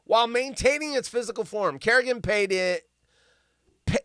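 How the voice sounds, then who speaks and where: A man's voice: sits high, pushed and bright, smooth, dry recording, clean studio sound. A man hosting a live stream, reading news stories aloud and ranting about them in a rambling, sarcastic way that keeps going off on tangents. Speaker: livestream host.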